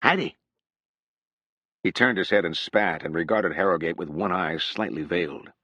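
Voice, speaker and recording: A man narrating a literary novel in a measured, unhurried storytelling manner. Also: deep voice, pushed and bright, no room sound. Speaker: audiobook narrator.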